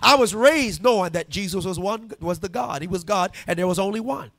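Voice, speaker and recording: A male pastor preaching in church, emphatic and call-and-response, rising to shouts. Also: high voice, a little fast, dry recording. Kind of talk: sermon. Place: church sanctuary.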